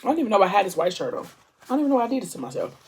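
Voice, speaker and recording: Woman, book vlogger, casual plot recap, emotional, animated, slangy. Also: medium pitch, very fast, breathy edge.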